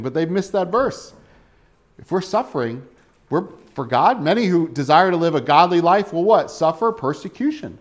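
Guy in his 30s giving a sermon, kinda high voice, chatty, keeps asking the room questions. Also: expressive, moderate pace. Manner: conversational, asks the congregation questions. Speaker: pastor.

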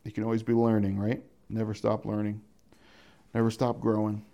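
A man's voice: lowish voice, completely flat delivery, normal speed, vocal fry, mellow. Chatty man teaching scripture verse by verse. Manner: conversational, chuckles often, acts out quoted voices. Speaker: pastor teaching a Bible study. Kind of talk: casual verse-by-verse Bible teaching.

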